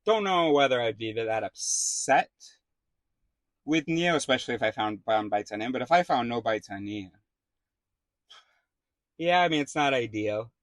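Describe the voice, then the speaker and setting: A man's voice: mid-range voice, lively intonation, normal speed, pauses often, no room sound. A man casually telling a rambling story to the camera, swearing freely and restarting his sentences. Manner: rambling, profane, full of fillers and restarts. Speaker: vlogger.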